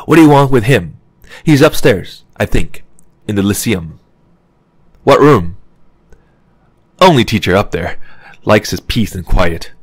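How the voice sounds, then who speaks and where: A man's voice: lowish voice, expressive, unhurried, long pauses, husky, no echo. A man doing a curt sour woman registrar. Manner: curt and impatient. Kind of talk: audiobook character reading.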